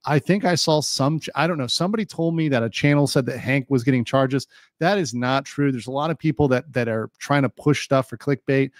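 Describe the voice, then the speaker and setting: A man's voice: mid-range voice, brisk, no echo, clean studio sound. A man doing casual live-stream legal commentary, chatty with lots of fillers, reading viewer chat aloud and a little hiccupy. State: has the hiccups.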